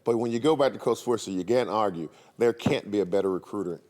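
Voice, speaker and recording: Middle-aged guy, ex-player, animated story with voices, echoey hall sound. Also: fairly low pitch, fast talker, a crowd in the background. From Arkansas, USA. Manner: animated, laughing, acts out voices in his anecdote. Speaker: former player. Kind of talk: storytelling on a reunion panel.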